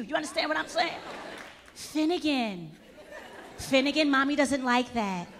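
A woman works a comedy club crowd in a high, lively voice that swoops up and down. She is loud and animated and talks straight to the audience. A live crowd and room noise sit under her voice. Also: creaky, long reverb tail. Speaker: stand-up comedian. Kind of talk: stand-up comedy set.

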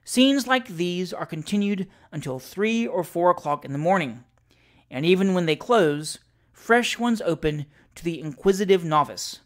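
An audiobook reader giving a measured, deliberate scripted narration of classic sketches. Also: medium pitch, lively intonation.

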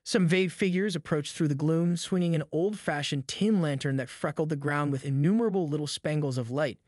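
A man's voice: on the high side, a little fast, a little mellow, dry recording, studio quality. Man narrating a spooky audiobook.

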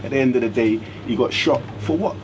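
A man's voice: mid-range voice, quick pace, natural voice. A man playing a radio DJ who talks earnestly and emotionally and repeats himself. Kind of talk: scripted radio show monologue. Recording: noisy background hiss.

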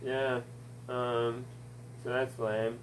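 A man ranting casually at home on a desk mic, drawling slowly through a stream of fillers. He swears freely as he rambles along, with a faint hum of noise behind him. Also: medium pitch, level tone, poor audio. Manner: rambling and profane, with many fillers and laughs. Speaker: gaming commentator.

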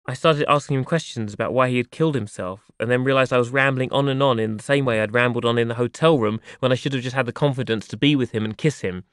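A man reading his memoir aloud in a soft, wry, reflective way. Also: medium pitch, fast talker, few pauses, clean tone, no echo, studio quality. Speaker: audiobook narrator.

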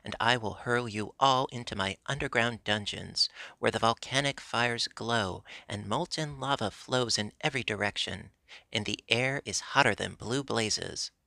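A man's voice: mid-range voice, a little slow, creaky, sharp tone, no room sound. A man reading an angry gnome king. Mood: threatening. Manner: commanding, threatening. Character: angry tyrannical gnome king, male, small.

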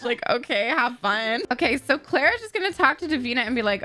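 A woman's voice: fairly high pitch, lively intonation, a little fast, hardly any pauses, sharp tone. A young adult woman doing dramatic let's-play commentary over a life-sim game, swearing freely, gasping and laughing. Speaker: gaming video host.

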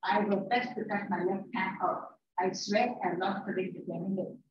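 A woman's voice: mid-range voice, fairly even intonation, normal speed. Woman teacher in an echoey classroom. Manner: paraphrases lines, repeats herself, scolds students. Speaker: English teacher. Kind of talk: classroom lecture. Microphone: distant room mic. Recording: echoey, distant, dull and noisy.

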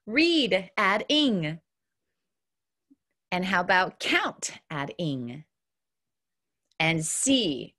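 Kindergarten teacher, woman: slow, deliberate sounding-out, bouncy lively pitch, upbeat and encouraging. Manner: slow, clear, exaggerated word modeling. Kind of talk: online phonics lesson for young children.

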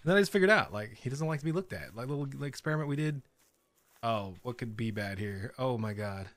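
Man, horror game commentary, jittery, bright tone, animated pitch. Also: quick pace. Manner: jumpy, swearing, nervous laughing. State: scared, on edge. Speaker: gaming channel host.

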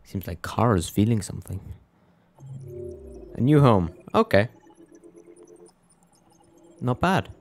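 Low-voiced, muttering gamer. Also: male voice, very animated, slow, long pauses, a little hiss or hum. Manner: muttering, reactive, wry asides. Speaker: gameplay commentator. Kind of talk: casual let's play commentary. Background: game music.

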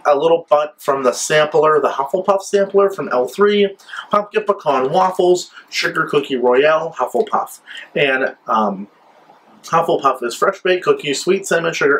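A man's voice: a little high, fairly bright tone, slight background noise, low-quality recording. A man chatting enthusiastically as he reviews scented wax melts in a casual vlog, gushing over each scent. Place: his new apartment.

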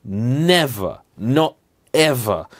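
A man hosting a car vlog, giving an animated, emphatic, playfully indignant rant to camera. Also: medium pitch, very slow. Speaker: car vlogger host.

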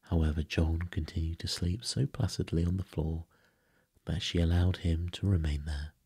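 A man softly narrating a bedtime story in a hushed, breathy way. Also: low-pitched, fairly even intonation, moderate pace. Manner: soft, hushed, breathy delivery.

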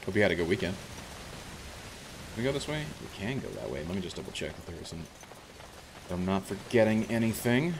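A man's voice: deep voice, very animated, a little fast, gravelly, pauses often, background noise. A man streaming a video game, chatting casually and rambling with many restarts and self-corrections. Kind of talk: casual gameplay commentary.

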